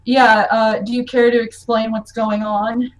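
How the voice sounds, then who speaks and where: A woman's voice: a little high, little pitch movement, measured pace, distant mic, close to an everyday voice, rough recording. A woman voicing a stern, guarded leader who gives firm commands. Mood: wary.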